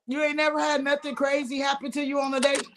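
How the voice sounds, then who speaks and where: A woman's voice: sits high, little pitch movement, fast talker, noisy background. A woman hosting a podcast, telling loose, profane stories in casual chat and talking straight to listeners. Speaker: podcast host.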